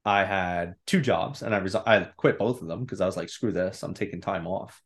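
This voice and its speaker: A man in his thirties, a podcast guest, telling a personal story in a candid, animated way and acting out his own inner voice. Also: sits low, fairly quick. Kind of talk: casual storytelling.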